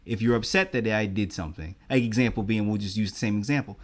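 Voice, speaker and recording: A man co-hosting a casual podcast chat, talking in a lively way and acting out both sides of an argument. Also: fairly low pitch, fast talker, few pauses. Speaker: podcast co-host.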